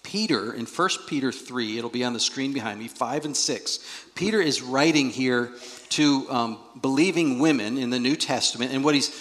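A male pastor preaching a sermon in a church, animated and acting out the voices he quotes. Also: medium pitch, normal speed. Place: church sanctuary. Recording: long reverb of a large hall.

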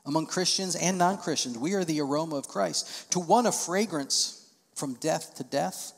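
A man's voice: on the high side, moderate pace, gravelly. Preaching male pastor in a reverberant hall. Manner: expository preaching with animated quoted voices. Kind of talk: sermon. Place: church auditorium.

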